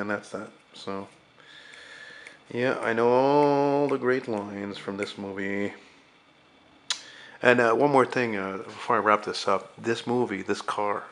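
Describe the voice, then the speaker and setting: A man's voice: on the low side, fairly bright tone. Rambling man in his forties. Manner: rambling, hesitant, swears casually. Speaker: artist and channel host. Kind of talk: casual vlog talk.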